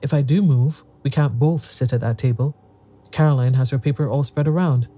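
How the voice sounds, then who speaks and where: An impatient woman snaps briskly at her sisters, as a man reads her lines. The voice stays dark and mellow. It is a storybook reading. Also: mid-range voice, slightly rough, close to an everyday voice. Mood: scolding. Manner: brisk, scolding. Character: impatient middle-aged woman, sharp-tongued.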